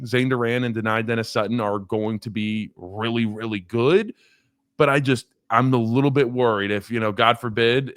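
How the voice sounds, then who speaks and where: A man's voice: mid-range voice, a bit bright, no room sound, clean studio sound. A man who once played college football, chatting casually on a sports podcast, rambling, repeating words and laughing at his own stories. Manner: rambling, self-deprecating, laughs while telling stories. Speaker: former college offensive lineman, guest.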